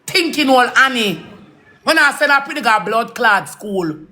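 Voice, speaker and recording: Jamaican woman, heated rant, cusses and repeats, bright forceful tone. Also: fairly high pitch, lively intonation, measured pace. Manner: angry, swearing, repeats herself. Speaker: social media personality.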